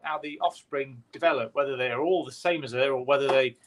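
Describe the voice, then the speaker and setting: A man's voice: medium pitch, a little fast, background noise. A man chatting casually as a guest on a live stream, wondering aloud with a curious manner. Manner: curious, thinks aloud with restarts. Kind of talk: casual chat.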